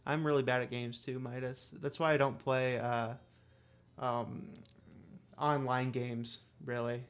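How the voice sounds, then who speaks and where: Casting: young guy streamer, loose rambly chat, mid-pitched, lots of fillers. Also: level tone, measured pace, clear, resonant tone. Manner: rambling, filler-heavy, self-deprecating. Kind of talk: casual gameplay commentary.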